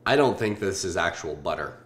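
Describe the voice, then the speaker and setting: A man in his twenties from Southern California hosting a casual food-tasting vlog, joking and swearing in deadpan asides. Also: low-pitched, brisk, reverberant. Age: 20s.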